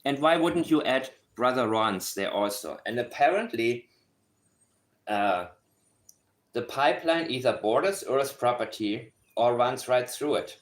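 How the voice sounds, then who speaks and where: A man's voice: mid-range voice, expressive, unhurried. A man with a non-native accent, a true-crime commentator talking through a case in casual analysis to camera. He is sarcastic and emphatic, and repeats his points to drive them home.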